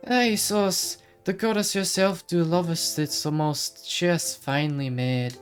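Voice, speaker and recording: A woman's voice: on the low side, steady tone, slow pace, faint music behind, voice pushed up. A woman voicing a mysterious wandering magic woman with a put-on Irish-type lilt and garbled, old-timey phrasing.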